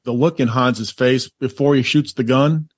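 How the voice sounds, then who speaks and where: A man's voice: mid-range voice, fairly even intonation, normal speed, husky, dry recording, clean studio sound. A man co-hosting a podcast, chatting about a movie in a rambling, enthusiastic way. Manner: rambling, enthusiastic, lots of fillers. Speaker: podcast co-host. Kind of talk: casual movie chat.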